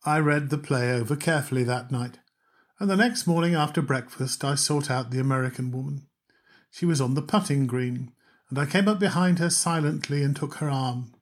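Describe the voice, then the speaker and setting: Husky male storyteller. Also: medium pitch, normal speed. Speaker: narrator. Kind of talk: storytelling reading.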